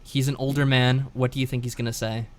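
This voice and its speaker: At a quick pace and medium pitch, a man chats casually while streaming a visual novel. He reads its narration aloud, staying relaxed but putting lively inflection into the lines.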